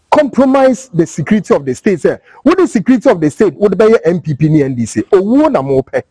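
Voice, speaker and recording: A Ghanaian man delivers heated commentary with a husky edge. His fairly high voice swings widely as he fires off rhetorical questions. The sound is close and dry. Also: very animated, a little fast, warm tone, no echo, low-quality recording. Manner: fiery, switching between English and Twi, rhetorical questions. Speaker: political commentator. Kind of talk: impassioned commentary.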